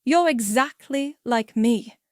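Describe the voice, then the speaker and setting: A woman's voice: on the high side, takes it slowly, darkish tone, no room sound, studio quality. A woman voicing a raging, bullying older male company boss who roars and sneers in a storybook reading. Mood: angry. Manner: roaring, hissing, sneering.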